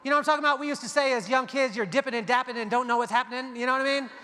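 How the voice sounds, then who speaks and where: A man with a very high, piercingly bright voice tells stories from a stage in a big hall. He jokes with the crowd and acts out the dialogue in a lively way. His voice trails off into a long hall reverb. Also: racing, smooth. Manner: animated, jokey storytelling with acted-out dialogue. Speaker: keynote speaker. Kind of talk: motivational keynote storytelling. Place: large hall before a big audience.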